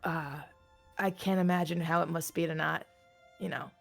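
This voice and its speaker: A man's voice: a little high, steady tone, moderate pace, gravelly, a bit bright, soft background music. A woman voicing a friendly, shy young man who stammers and stays overly polite. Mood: reassuring.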